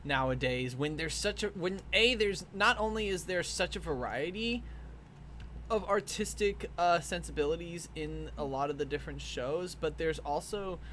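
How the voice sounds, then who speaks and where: A man chats on a live drawing stream, rambling and joking, now and then bursting out with excitement. His voice is bright and forward. A faint hum sits under the recording. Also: on the high side, normal speed. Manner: rambling, jokey, with sudden excited outbursts. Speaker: streamer and artist. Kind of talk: casual live-stream chat while drawing.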